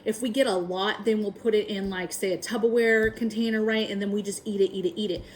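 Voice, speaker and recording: A woman at a middle pitch talks through a home how-to vlog in a relaxed, chatty way. She sounds upbeat and keen, fills her pauses with "um" and tags her points with "right?". A faint hum of room noise sits behind her. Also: poor audio. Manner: chatty, frequent ums and tag questions; upbeat and enthusiastic. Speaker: prepping vlogger.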